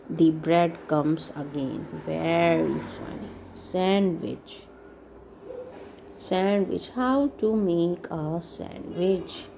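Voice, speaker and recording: A woman reads easy children's stories in a very slow, careful way. Her voice sits low and has a gravelly edge. Behind her is a faint hum of room noise. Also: mellow, low-quality recording. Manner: slow, deliberate reading with little comments and throat clearing. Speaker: English teacher for children. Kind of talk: reading simple stories aloud to kids.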